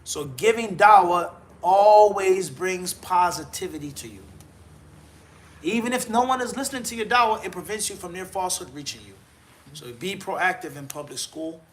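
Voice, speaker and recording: A man's voice: high voice, moderate pace. Firm, exhorting male preacher. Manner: firm, exhorting, counts points, jokes about himself. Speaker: mufti answering questions. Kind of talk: live Q&A answers.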